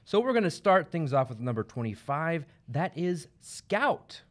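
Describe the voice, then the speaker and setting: A man's voice: on the high side, very animated, measured pace. Guy hosting a game shop livestream, voice bounces up and down a lot, upbeat and jokey. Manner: upbeat and joking. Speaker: host. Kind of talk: livestream product rundown.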